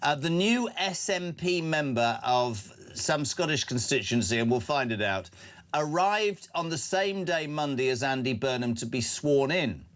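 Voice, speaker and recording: A man hosting a live breakfast talk radio show, excitable and chummy, laughing often. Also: a little high.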